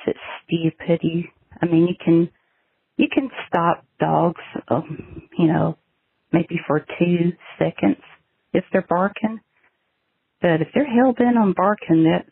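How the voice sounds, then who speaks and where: Caller: woman from Georgia, gravelly and husky, tinny dry phone line, chatty storyteller. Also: lowish voice. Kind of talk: voicemail to a podcast.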